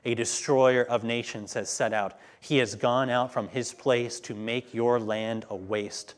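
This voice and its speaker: A man preaching a sermon, reading scripture slowly and with weight, then talking plainly to his listeners. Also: mid-range voice, steady tone. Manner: reads scripture slowly and emphatically, then talks plainly to the congregation.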